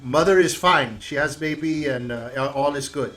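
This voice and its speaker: A man's voice: on the high side, fairly bright tone, pitched above the performer's own voice, lightly acted. A man playing a weary midwife in broken English. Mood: brisk. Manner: halting broken English, grave and plain.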